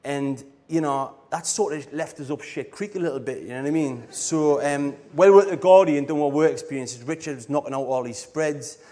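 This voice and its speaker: A man's voice: fairly high pitch, brisk, few pauses, mellow. A middle-aged man, telling rambling anecdotes in a casual conference talk and often laughing. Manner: rambling, laughs often, fillers like "you know what I mean". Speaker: speaker at a design conference. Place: live talk on a stage.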